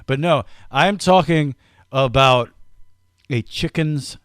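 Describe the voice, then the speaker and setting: A man hosting a casual comedy podcast, teasing his co-host, talking in quick bursts and laughing often. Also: mid-range voice, fairly bright tone, clean tone, dry recording, studio quality.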